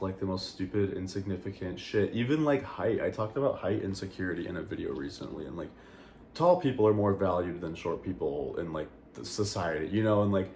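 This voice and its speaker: A man's voice: low voice, a little mellow. A young man chatting candidly to camera in a vlog, rambling with lots of fillers and casual swearing. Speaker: vlogger. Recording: echoey room with faint noise.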